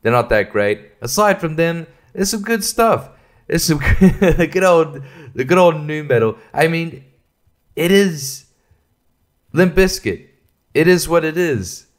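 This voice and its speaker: A man's voice: a little high, lively intonation, slow. A man hosting a casual solo podcast, rambling and swearing freely, often breaking into laughter. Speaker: podcast host.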